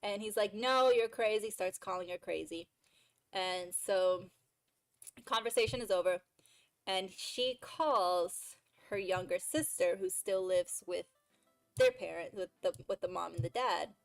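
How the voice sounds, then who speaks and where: A woman's voice: lowish voice, measured pace, no echo, soft background music, poor audio. A woman streamer retelling a story in a casual, chatty way, full of fillers and exasperated asides.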